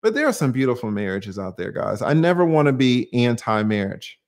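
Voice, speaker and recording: A man's voice: medium pitch, big pitch swings, a little fast, a little mellow. A man hosting a livestream, talking emphatically to viewers, firing off rhetorical questions and casual swearing while he answers their comments.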